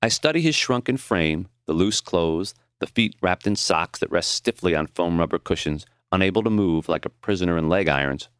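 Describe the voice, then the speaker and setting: A man reads his own audiobook in a deep voice that rises and falls with lively expression. His delivery is reflective and measured. The recording is close and dry, as from a studio mic. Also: clear, resonant tone, no room sound. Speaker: audiobook narrator and author. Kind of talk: audiobook narration.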